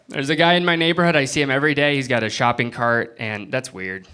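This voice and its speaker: A young man from Florida doing a stand-up comedy set on a club stage, acting out people in quick bits. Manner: animated, jumps into high-pitched bits when acting out people. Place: comedy club stage before a live audience. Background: audience laughter.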